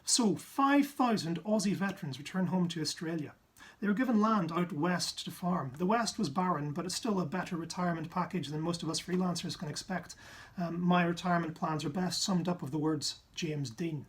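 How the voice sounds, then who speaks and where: A man from Ireland telling a comic science story in a jokey way, with sudden asides and pitch jumps for effect. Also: normal speed, slightly rough. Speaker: science comedian.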